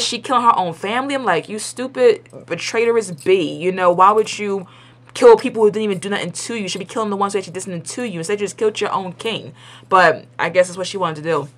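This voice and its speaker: Young woman rambling thru a tv episode review at home, lots of "like", blunt and opinionated, voice sits mid-height. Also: mid-range voice. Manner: chatty and rambling, full of "like" and restarts; blunt and opinionated, with colloquial grammar. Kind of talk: casual spoken review.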